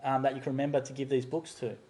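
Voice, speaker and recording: A man's voice: mid-range voice, level tone, racing, very noisy. A man hosting a live stream in a chatty, upbeat way. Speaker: host.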